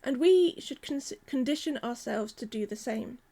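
A woman, preaching a sermon in a gentle, measured, earnest way. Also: fairly high pitch, animated, creaky.

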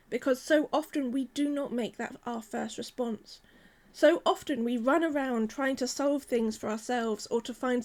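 A woman, preaching a sermon in a gentle, measured, earnest way. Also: high-pitched.

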